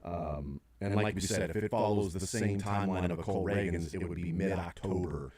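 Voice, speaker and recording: A man's voice: low-pitched, a little fast, darkish tone. A middle-aged man hosting sports talk radio, rambling through his points with many fillers and restarts.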